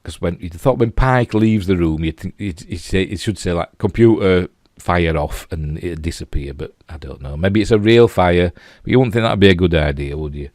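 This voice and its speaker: A man's voice: low voice, lively intonation, a little fast, few pauses, darkish tone, no echo, studio quality. A man with a Yorkshire accent reviewing a TV episode in a loose, rambling way, full of "you know" and restarts. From Yorkshire, England. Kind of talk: casual spoken review.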